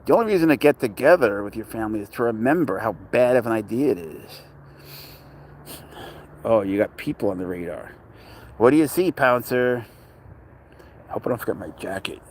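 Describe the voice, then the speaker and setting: A man's voice: fairly low pitch, expressive, fairly quick, long pauses, a little hiss or hum. Rambling man chatting at a dog park. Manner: joking, talks to his cat and greets viewers. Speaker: pet owner vlogger. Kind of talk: casual rambling chat.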